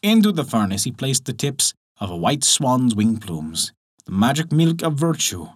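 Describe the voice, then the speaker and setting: A man narrating a folktale for a storytelling podcast, measured and dramatic. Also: mid-range voice. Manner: expressive, measured, dramatic pauses.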